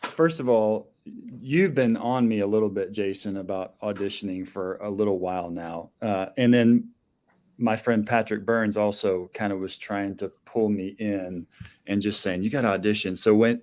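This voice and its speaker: A man's voice: lowish voice, normal speed, darkish tone. A man, an actor guest in a casual interview, friendly and easygoing, laughing along.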